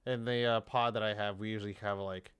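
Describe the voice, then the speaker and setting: A man's voice: fairly low pitch, level tone, fast, a bit bright, clean tone. A young man co-hosting a podcast in casual chat, loose and profane, acting out conversations as he tells them. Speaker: podcast co-host.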